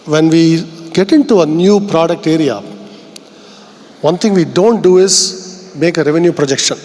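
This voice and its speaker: A man's voice: on the high side, normal speed, darkish tone. A man with an Indian English accent giving an earnest, reflective conference keynote, posing rhetorical questions to the audience. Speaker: keynote speaker. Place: large event hall. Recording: long reverb of a large hall.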